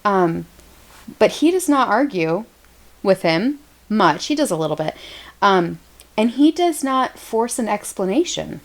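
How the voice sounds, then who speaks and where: A woman's voice: mid-range voice, very animated, measured pace. An American woman co-hosting a podcast, chatting casually and laughing often. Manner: giggly, chatty. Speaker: podcast co-host. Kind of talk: casual chat.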